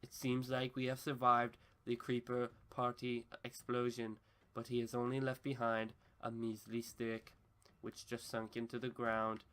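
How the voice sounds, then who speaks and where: Man doing a put-on Australian accent, wilderness survival host, deadpan, formal, monotone, comedy skit. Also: medium pitch, measured pace, lightly acted. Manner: stiff, formal, deadpan delivery. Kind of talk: comedy skit narration over gameplay.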